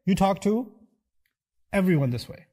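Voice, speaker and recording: A man giving a lecture, animated and acting out little dialogues in quoted voices. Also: sits high, normal speed, breathy edge. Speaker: speaker giving a talk. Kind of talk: lecture on scripture.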